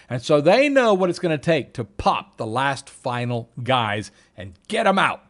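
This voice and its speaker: A man teaching an online trading class, talking emphatically with a salesman's push and acting out what other traders say. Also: medium pitch. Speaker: trading instructor.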